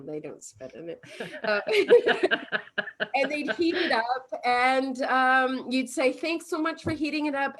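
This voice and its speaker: A woman from Canada, a mindfulness coach, chatting casually as an interview guest, laughing often and acting out everyday scenes. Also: a little high. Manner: animated storytelling, acts out little scenes.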